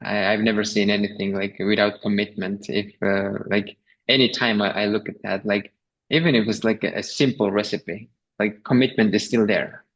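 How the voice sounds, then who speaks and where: A man hosting a podcast speaks in a reflective, halting way, searching for his words and restarting phrases. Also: on the low side, little pitch movement, fairly bright tone, rough recording. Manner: hesitant, many fillers and restarts, reflective. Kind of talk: conversational podcast talk.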